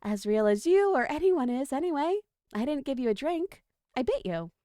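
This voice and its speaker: A woman reading a story aloud, voicing a calm, wry male desert snake who speaks in a matter-of-fact, joking way. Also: high-pitched, normal speed, no room sound, clean studio sound, pitched above the performer's own voice.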